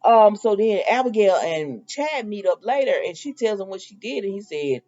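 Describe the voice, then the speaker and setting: A woman casually recapping soap episodes, chatty and animated, acting out the characters' lines. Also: mid-range voice, moderate pace, highs cut off. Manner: animated, laughing, acts out quotes. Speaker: soap opera recap vlogger.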